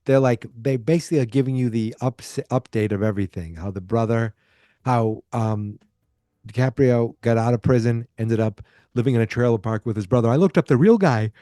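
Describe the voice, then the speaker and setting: A man's voice: medium pitch, a little fast, dark tone, no room sound, clean studio sound. A man hosting a podcast, rambling casually through a movie review, restarting sentences and acting out quoted lines. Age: adult, alive in 1986. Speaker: podcast host.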